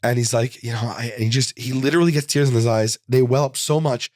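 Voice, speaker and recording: A man in his forties, a comedian guest in an interview, telling stories in an animated, rambling way full of fillers and restarts. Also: medium pitch, fast talker, dry recording, studio quality. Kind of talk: casual interview storytelling. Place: studio.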